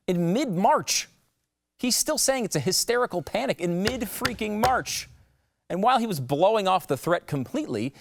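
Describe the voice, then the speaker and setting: Sarcastic male commentary host, lively. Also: high voice, gravelly. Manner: mocking, sarcastic, swings between loud jabs and muttered asides.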